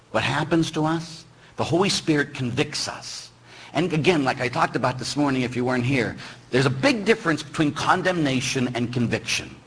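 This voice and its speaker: A middle-aged man, a Catholic priest, giving a lively, teasing sermon in which he acts out the voices of the people he quotes. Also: a little high, slightly rough, rough recording.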